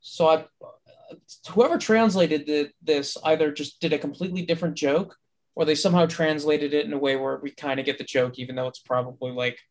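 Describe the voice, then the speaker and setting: A man's voice: on the high side, a little fast. A man co-hosting a podcast, chatting easily and reacting briefly. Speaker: podcast co-host. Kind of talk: casual chat.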